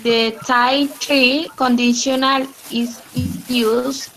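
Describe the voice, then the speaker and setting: A female language student on a video call, reading a grammar text aloud carefully, with halting restarts. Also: sits high, level tone, fairly bright tone, rough recording. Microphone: computer mic on a video call. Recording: faint background noise on a call.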